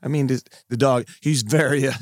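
A podcast co-host chats casually, slipping in dry, teasing jokes. His voice sits at a middle male pitch. The recording is close-miked and dead dry. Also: steady tone, a little fast, dry recording. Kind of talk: casual chat.

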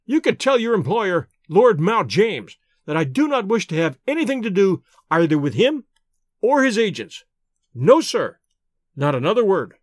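A proud, irritable middle-aged doctor voiced by a man snaps out short, indignant replies in a raised, lively voice. The storybook reading is dry and close. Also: high-pitched, moderate pace, no room sound, pitched above the performer's own voice. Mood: furious. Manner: curt, indignant, clipped replies. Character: stern, proud middle-aged male doctor, quick to anger.

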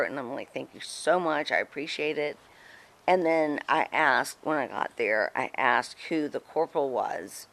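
Woman, middle-aged, gravelly, chatty, animated storyteller, interview guest. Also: low-pitched, normal speed. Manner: animated, chatty, quotes others in dialogue. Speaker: guest, former wrestling personality.

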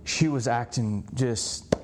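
A middle-aged man preaching, telling his stories with animation and acting out both sides of a conversation. His pitch sits mid-range for a man. A faint hiss of room noise runs under the voice. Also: slow pace. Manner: animated storytelling, acts out dialogue. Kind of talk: sermon-style teaching.

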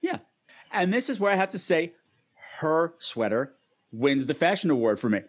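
A podcast co-host chatting casually about a TV episode, often acting out characters' lines. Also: female voice, low voice, sing-song, normal speed. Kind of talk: casual chat recapping a TV episode.

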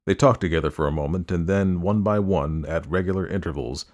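A man narrating a story aloud, reading in a measured, descriptive way. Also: low voice, darkish tone.

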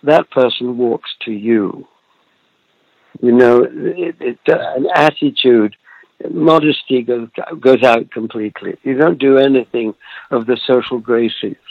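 Gravelly elderly man, muffled and dry. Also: medium pitch, a little slow, no room sound. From Britain. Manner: reflective storyteller, chuckles often, trails off mid-thought. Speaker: actor guest. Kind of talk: relaxed interview over a remote call.

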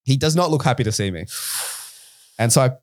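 A man's voice: medium pitch, brisk, no room sound. Australian male podcast co-host, storyteller, casual, dry close mic. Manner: animated anecdote-telling with frequent "right?" and "like".

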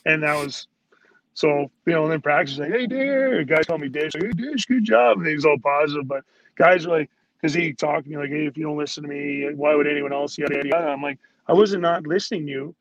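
A man's voice: on the high side, fairly even intonation, quick pace, a bit bright, muffled recording. A man who played pro hockey, a guest telling stories in a rambling way, full of "like"s and acted-out quotes of teammates. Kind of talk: casual storytelling.

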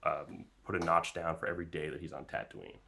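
Male podcast co-host, very low and creaky, hesitant rambling delivery. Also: animated, a little fast, pushed and bright. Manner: rambling, hesitant, many ums and restarts. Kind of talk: casual fan podcast discussion.

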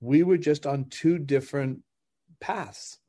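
A middle-aged man speaks as a podcast guest in an easy, conversational way, with a voice of ordinary middle pitch. He explains through stories, laughing now and then and acting out both sides of a conversation. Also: slow pace. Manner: animated, laughs while explaining, acts out dialogue. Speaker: podcast guest, relationship coach. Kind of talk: conversational storytelling.

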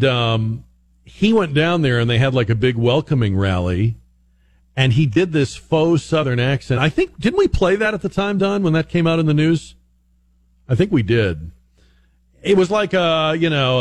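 A man hosting a radio call-in show, chatty and rambling, with plenty of ums and restarts. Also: mid-range voice. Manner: chatty, rambling, many fillers. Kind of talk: casual talk radio.

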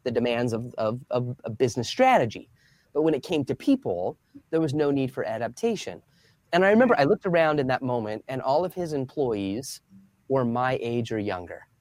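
A man in his thirties tells a story as an interview guest, animated and expressive. His voice sits at a middle pitch, and the sound is dry. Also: fairly quick, no room sound.

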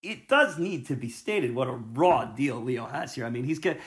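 A man's voice: mid-range voice, expressive, moderate pace, a bit bright. A man in casual conversation about a movie, talking in loose, rambling sentences with many restarts.

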